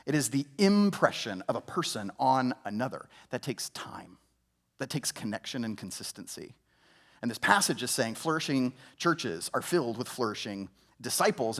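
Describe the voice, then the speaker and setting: A man's voice: fairly high pitch, a bit bright. A young adult male pastor preaching a conversational sermon, with rhetorical questions and frequent restarts. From Georgia, US.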